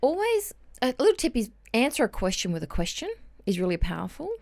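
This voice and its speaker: Blunt Australian woman, gravelly voice. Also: on the high side, big pitch swings, fast, a little mellow, dry recording. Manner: blunt, straight-shooting, acts out dialogue. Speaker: guest. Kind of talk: interview chat.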